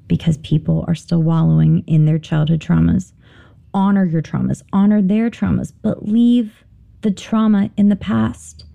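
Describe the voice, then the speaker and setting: A woman hosting a spiritual podcast, talking candidly with swearing and animated storytelling. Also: on the low side, creaky, muffled recording. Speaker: podcast host. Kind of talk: casual spiritual talk.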